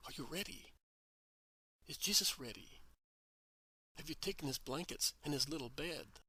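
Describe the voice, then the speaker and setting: A man voicing Joseph, a gentle, devoted middle-aged husband, speaking with calm, earnest reassurance in a devotional story reading. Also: a little high, normal speed, husky, dry recording, heavily acted, low-quality recording. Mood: reassuring.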